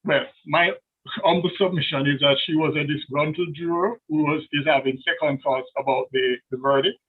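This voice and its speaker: A man's voice: on the high side, fairly even intonation, moderate pace, husky. Deferential male counsel on a tinny line. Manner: formal and deferential, with frequent hesitations. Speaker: defence counsel. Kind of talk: courtroom legal submission. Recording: tinny phone-like remote line.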